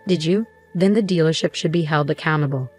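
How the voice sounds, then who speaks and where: A demanding husband who blames and brushes off others, read by a woman in her usual voice. The tone is low for a woman and stays dismissive. Soft music plays faintly underneath. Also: brisk. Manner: accusing, dismissive. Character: resentful demanding young-adult husband.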